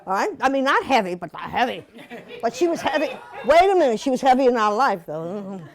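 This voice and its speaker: Older woman, seventies, somewhat high voice, playful, chatty, museum talk, audience asides. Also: big pitch swings, brisk. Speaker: guest speaker at a museum talk. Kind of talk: informal slide-show talk to an audience.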